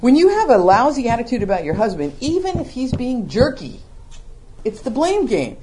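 A middle-aged woman teaching a Bible study to a small group, animated and acting out the voices of the scripture. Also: a little high, normal speed, noisy background. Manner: animated, acts out the scripture voices, laughs along.

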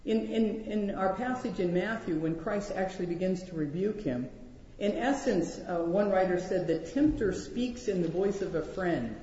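An animated Bible teacher leads a study, acting out quoted lines and restarting sentences as the thoughts come. The voice is mellow and soft-toned. The sound is dull and carries a long hall reverb. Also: medium pitch, normal speed, slight background noise.

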